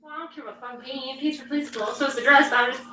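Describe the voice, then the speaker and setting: A woman, the host's wife, chatting casually in a quiet, subdued way. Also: high-pitched, steady tone, fast talker, slight background noise. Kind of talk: casual chat. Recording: echoey room, distant from mic.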